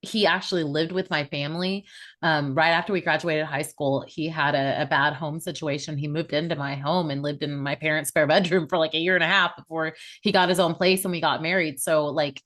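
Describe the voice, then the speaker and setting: A woman in her forties, a podcast guest, telling a personal story in an animated way and laughing often. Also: sits low, a little fast. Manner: animated, laughs often, acts out quoted voices.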